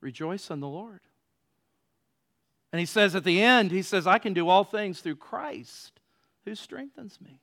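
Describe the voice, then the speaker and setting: A man preaching a sermon, moving between loud emphatic passages and quiet, low stretches. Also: moderate pace, gravelly. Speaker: pastor.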